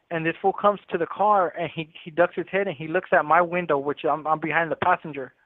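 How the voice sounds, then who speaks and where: A man tells a story casually over a prison phone line. His voice sits a little high and comes through tinny and dry. He talks in loose slang and repeats words as he goes. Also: no room sound. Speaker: incarcerated caller.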